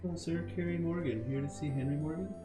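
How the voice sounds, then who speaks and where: A man's voice: fast talker, lightly acted. A man putting on a meek, pleading young mother. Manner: meek, apologetic, high put-on falsetto. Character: pleading young mother visiting jailed husband. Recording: echoey room with game music.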